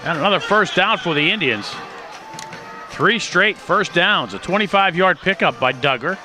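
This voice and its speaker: A man doing play-by-play commentary for a high school football game, his voice rising and growing louder on big plays. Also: expressive, moderate pace, over music. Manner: rises in pitch and volume on big plays. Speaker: play-by-play announcer. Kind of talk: sports commentary.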